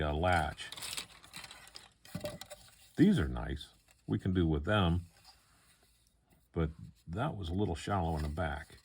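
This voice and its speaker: An older man chatting casually as he unboxes a model car kit, relaxed and rambling, with lots of fillers. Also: low voice, breathy edge.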